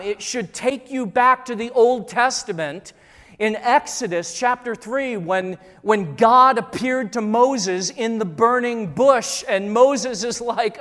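A pastor preaching a sermon in a lively, dramatic manner. The voice has mid-range pitch. He keeps repeating his key lines and slips into the voices of the people in the stories. A long reverb trails after each phrase, as in a big hall. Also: unhurried.

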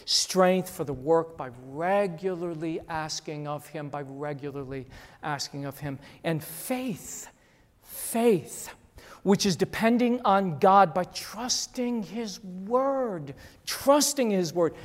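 Slow, emphatic preacher in a reverberant hall. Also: male voice, a little high, lively intonation. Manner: emphatic preaching that swings from loud to hushed, with repeated phrases. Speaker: pastor. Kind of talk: sermon. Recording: long church-hall reverb.

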